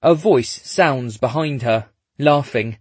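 Husky male narrator with wry asides. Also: mid-range voice, slow, no room sound. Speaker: audiobook narrator. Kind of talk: scripted narration.

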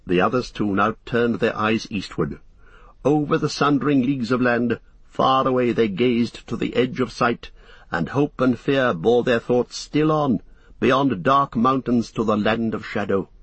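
A man narrating a fantasy novel as an audiobook, in steady, measured storytelling. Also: medium pitch, slightly rough, no room sound.

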